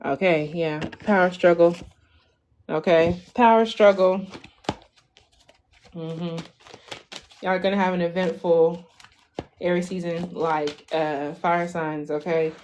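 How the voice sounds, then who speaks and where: A young woman in her twenties hosts a casual tarot reading for her viewers. Her voice sits on the low side, and she talks in a loose, chatty way. She keeps tagging "okay?" and "like" onto her lines. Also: fairly even intonation, slow, long pauses, darkish tone, a little hiss or hum. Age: 20s. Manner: chatty, ends lines with "okay?", lots of "like" and "y'all". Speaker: tarot reader.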